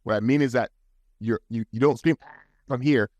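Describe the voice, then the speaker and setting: A man's voice: mid-range voice, normal speed, darkish tone, dry recording, dull audio. A man guest on a podcast, talking in an earnest, advising way with frequent restarts, recorded in a studio. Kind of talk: casual podcast talk.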